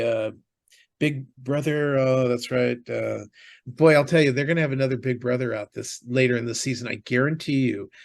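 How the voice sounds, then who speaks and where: A man co-hosting a podcast, chatting casually about TV shows and movies, rambling with lots of fillers and restarts. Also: medium pitch. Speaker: podcast co-host.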